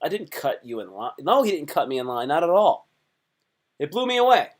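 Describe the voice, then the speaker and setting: A man's voice: a little high, sing-song, a little fast. A man live streaming, chatting casually and rambling, cutting himself off and joking as he talks to his viewers. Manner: rambling, self-interrupting, playful joking.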